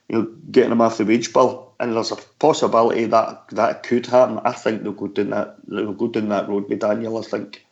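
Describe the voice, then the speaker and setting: A man's voice: on the low side, vocal fry, darkish tone. A Scottish man talking football and chatting casually as a regular on a fan call-in radio show, laughing easily. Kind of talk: casual chat. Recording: dull lo-fi audio.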